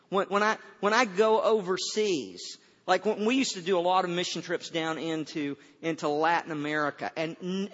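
A man's voice: high voice, fairly bright tone. An older man, a pastor, preaching a folksy sermon and often repeating his first words before a thought. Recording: dull sound with long hall reverb.

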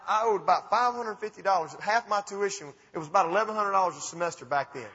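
Southern storyteller, Alabama accent, high husky voice, dull hall sound, folksy and animated. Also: male voice, quick pace, few pauses. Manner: folksy, animated, self-mocking. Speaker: speaker. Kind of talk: storytelling talk to an audience. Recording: dull recording with long hall reverb.

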